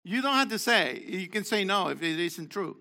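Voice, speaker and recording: With a high-sitting, animated voice at a normal speed, an older man preaches to his congregation, asking them questions and calling on people. He moves back and forth between loud exhortation and quiet asides.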